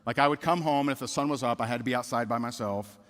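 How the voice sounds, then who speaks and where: A fast-talking middle-aged keynote speaker whose mid-range voice is a bit bright. His motivational speech in a reverberant hall tells a personal story with candid repetition and includes questions for the audience.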